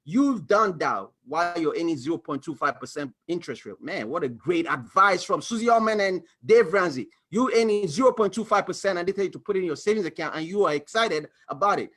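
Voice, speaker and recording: High-voiced guy doing a screen-share money lesson, animated, acts out the bank talking. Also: fairly quick, hardly any pauses. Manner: animated, acts out little dialogues, exclaims. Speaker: financial coach. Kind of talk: screen-share explainer talk.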